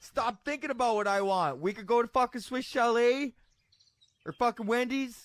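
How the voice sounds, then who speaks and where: High-voiced crude rural worker, Alberta accent, profane drawling slang, acted out by a man, parody dub. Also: moderate pace, dry recording. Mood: gruff. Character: crude backwoods oil-rig worker, male, adult, laid-back.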